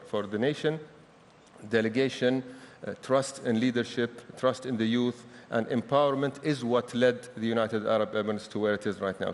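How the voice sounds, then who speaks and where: A man speaking as a panelist in formal remarks, polite and measured with frequent hesitations. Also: medium pitch. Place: large conference hall. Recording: reverberant hall, faint room noise.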